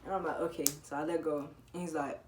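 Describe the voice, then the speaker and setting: A teenage girl with a low voice tells a story casually, lively and laughing often, jumping into the voices of people in it. Her voice comes through an echoey room with a faint hum of ambience behind it. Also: fast, far from the mic. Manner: animated, laughing, swearing, acting out quotes. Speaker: vlogger telling a story.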